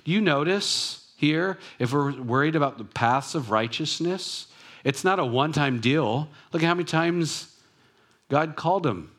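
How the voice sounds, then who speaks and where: A man preaching a sermon in a relaxed, conversational way. He reflects on scripture and adds personal asides. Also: fairly high pitch, measured pace. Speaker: pastor.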